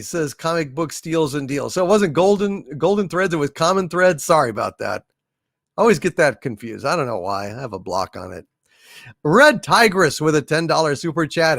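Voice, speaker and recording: A man's voice: a little high, moderate pace, creaky, no room sound, studio quality. A man hosting a casual livestream, reading out viewer messages and chatting about them. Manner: reads viewer messages aloud, chatty and lively. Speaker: livestream host.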